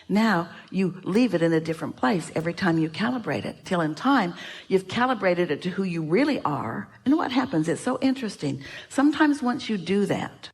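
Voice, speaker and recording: A woman's voice: fairly low pitch, husky. A woman giving an inspirational seminar talk to an audience. She speaks emphatically and repeats herself, and she refers to herself as "we".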